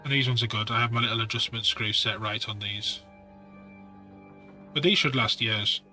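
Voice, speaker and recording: A man's voice: lowish voice, fairly even intonation, normal speed, bright, forceful tone, soft background music. A man talking casually through miniature painting tools, rambling with practical asides. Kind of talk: casual hobby tutorial talk.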